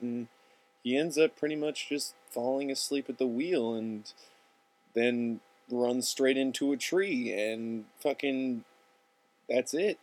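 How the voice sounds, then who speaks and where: A young man casually and profanely rambling through a storyboard pitch. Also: darkish tone.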